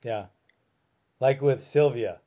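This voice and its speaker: A man hosting a podcast, chatting casually and excitably and swearing freely. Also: mid-range voice, takes it slowly. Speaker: podcast host.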